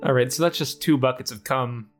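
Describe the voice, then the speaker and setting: A man's voice: medium pitch, fairly even intonation, fairly quick, close to an everyday voice. A hot-headed chipmunk tough guy, as a man improvises him blusters and brags. His voice sits mid-range and lifts when he pushes, with faint music underneath. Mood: weary. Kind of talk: improv comedy scene.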